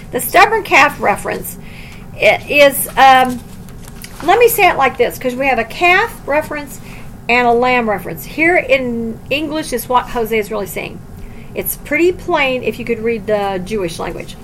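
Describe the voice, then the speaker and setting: A woman teaching a Bible study, reading scripture aloud and explaining it plainly, swinging from loud emphasis to quiet low asides. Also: big pitch swings, a little slow, slight background noise, low-quality recording.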